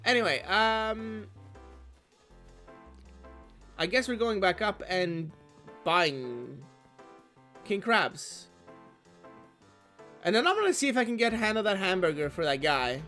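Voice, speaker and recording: A man's voice: high voice, big pitch swings, measured pace, long pauses, bright, forceful tone, soft background music. Offhand young-sounding man playing a game. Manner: offhand, self-deprecating muttering. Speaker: let's play host. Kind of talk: casual game commentary.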